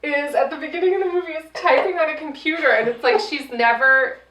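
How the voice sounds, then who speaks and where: A woman co-hosting a casual movie review podcast, animated and swearing freely as she acts out scenes. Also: high-pitched, fast, a little hiss or hum. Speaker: podcast co-host. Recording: echoey room, voice a bit far from mic.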